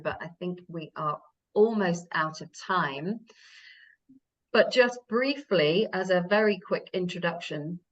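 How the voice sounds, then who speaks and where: A woman's voice: mid-range voice, a bit bright, dull audio. A woman language teacher giving a live taster class, explaining patiently step by step with fillers.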